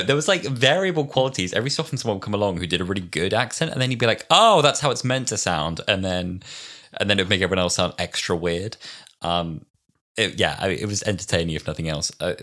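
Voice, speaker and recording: A young man in his twenties with a notably deep, low-pitched voice co-hosts a casual podcast. He rambles through his thoughts, trails off mid-sentence and laughs often. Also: a bit bright. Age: 20s. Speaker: podcast co-host. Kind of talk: casual chat.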